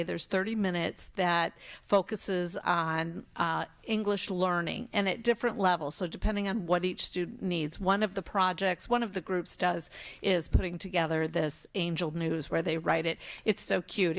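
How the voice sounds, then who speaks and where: An older woman giving an enthusiastic, chatty trustee report at a school board meeting. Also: fairly low pitch.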